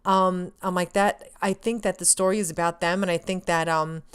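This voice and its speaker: Woman vlogger, casual storyteller, low-pitched and clear, gushing and chatty with lots of filler. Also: moderate pace. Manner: excitable, rambling, filler-heavy, acts out her own remarks.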